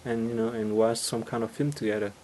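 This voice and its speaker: A man gives an informal teaching talk at a mid pitch. His English halts and restarts, padded with fillers, and he warms up and turns lively when acting out everyday scenes. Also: a little hiss or hum, rough recording. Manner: halting non-native English, many fillers and restarts; gets animated and laughs when acting out scenes.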